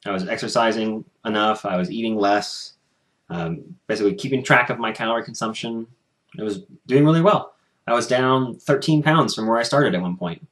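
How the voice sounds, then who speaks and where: A man's voice: lowish voice, a bit bright. Frustrated young man venting at home. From United States. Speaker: vlogger. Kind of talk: casual vlog rant.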